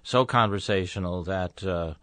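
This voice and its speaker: A man, a guest comedian in a casual interview chat, speaking slowly and deliberately with halting pauses and fillers. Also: low voice, fairly bright tone, dry recording.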